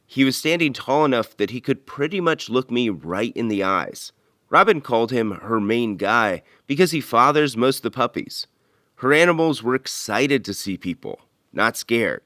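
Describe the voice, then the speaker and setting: A man hosting a podcast, reading scripted investigative narration in a measured, earnest way. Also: medium pitch, big pitch swings, sharp tone, dry recording, studio quality. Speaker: podcast host and reporter.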